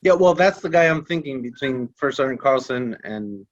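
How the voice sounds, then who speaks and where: A man's voice: mid-range voice, animated, normal speed, no echo, lo-fi sound. A man in casual podcast chat, cracking jokes and adding to a friend's army story. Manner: joking, interjects wisecracks. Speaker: podcast guest, former soldier.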